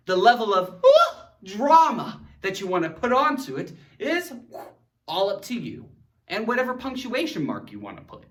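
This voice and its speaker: A man hosting an animated grammar lesson, talking in a theatrical, jokey way and acting out silly example sentences. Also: high-pitched, distant mic. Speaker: grammar teacher. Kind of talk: animated educational video lesson.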